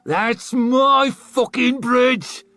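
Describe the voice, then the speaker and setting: A man voicing a bloodthirsty young warrior who snarls and shouts in battle. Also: very high-pitched, extremely slow, no room sound, soft background music, pitched above the performer's own voice, full character voice. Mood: yelling. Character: savage young male warrior, bloodthirsty braggart.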